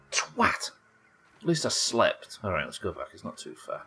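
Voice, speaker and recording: A man from the UK streaming a survival game live, yelling at the game, swearing, and reading out chat messages. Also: medium pitch, moderate pace, pauses often, faint music behind. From United Kingdom. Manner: excitable, swears a lot, yells at the game.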